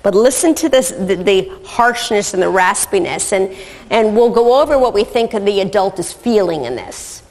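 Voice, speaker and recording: A woman's voice: mid-range voice, expressive, moderate pace, darkish tone, long reverb tail, a little hiss or hum. A woman giving a recorded lecture as an instructor, methodical and often checking in with "okay".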